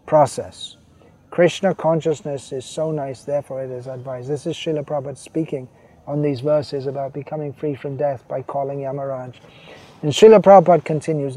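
Man preaching in a mellow, dry voice. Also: a little high, no echo. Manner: voices quoted figures, slows to stress key phrases. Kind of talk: devotional sermon reading quotes.

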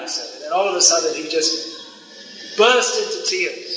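A man's voice: sits high, normal speed, sharp tone. An older man telling a rambling devotional story to a gathering, often repeating words. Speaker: devotee giving a talk. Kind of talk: anecdotal devotional talk. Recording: echoey hall, mic far off.

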